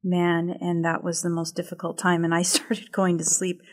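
A woman talks in a low, fairly flat voice. She speaks in a heartfelt, sincere way as a guest in a relaxed group talk. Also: normal speed. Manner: heartfelt, faith-centered.

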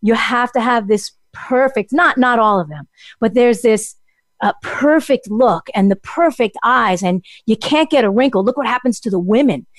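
A middle-aged woman health coach telling stories in an animated, chatty way, laughing often. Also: a little high, normal speed, no room sound, studio quality. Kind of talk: casual chat.

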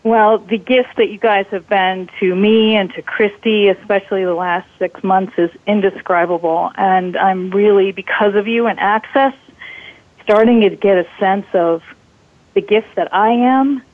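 A woman's voice: mid-range voice, fairly even intonation, measured pace, no echo. A woman from Colorado calling in to a talk show, earnest and grateful. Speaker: caller. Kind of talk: call-in question. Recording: tinny phone line.

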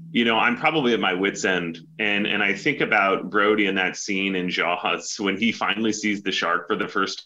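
A man speaking as a guest on an interview show, earnest and explanatory in a measured way. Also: lowish voice, bright, forceful tone, dull audio. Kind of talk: casual interview talk.

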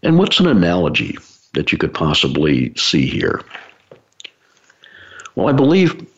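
A man's voice: low voice, wildly swooping pitch, a little slow, creaky, slightly rough. A man giving an explanatory talk to a business audience, using everyday analogies with frequent fillers. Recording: dull lo-fi recording.

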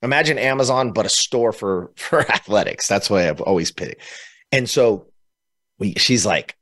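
Speaking at a moderate pace in a lowish voice, a man from California recounts an emotional personal story as a podcast guest. He stays animated throughout, laughing between phrases.

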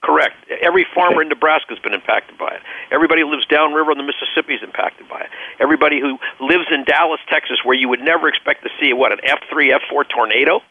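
A man's voice: a little high, racing, no echo. Earnest guy talking business over a phone line, dry tinny sound, tells stories. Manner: earnest, storytelling, repeats words while searching. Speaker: interview guest, business leader. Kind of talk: radio phone interview.

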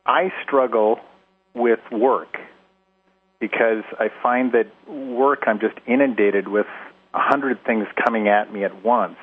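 Canadian guy calling in, lowish husky voice, stammers a bit, phone-line sound. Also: fairly even intonation, takes it slowly. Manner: hesitant, stammering at the start of phrases. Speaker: caller.

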